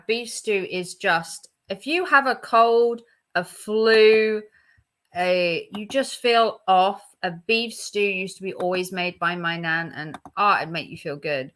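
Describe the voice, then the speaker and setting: A woman's voice: mid-range voice, sharp tone. A young woman vlogging casually as she reacts to quiz questions, chatty and opinionated with emphatic reactions. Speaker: YouTuber.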